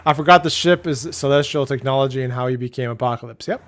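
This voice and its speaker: A man hosting a casual chat show, talking in an animated way and often repeating his phrases. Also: medium pitch, fast talker, slight background noise. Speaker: podcast host.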